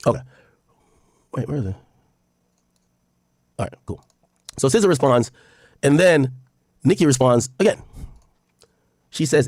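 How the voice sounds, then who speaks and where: A man's voice: mid-range voice, expressive, a little slow, pauses often, a little mellow, slightly rough, no room sound, studio quality. A man streaming casual commentary to his chat, reading posts aloud and reacting bluntly, with frequent profanity.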